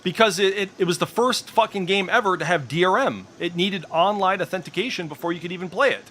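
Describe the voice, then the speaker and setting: A man's voice: high voice, fast, fairly bright tone, slight background noise. A middle-aged man streaming in casual voice chat, ranting with heavy profanity and strong opinions.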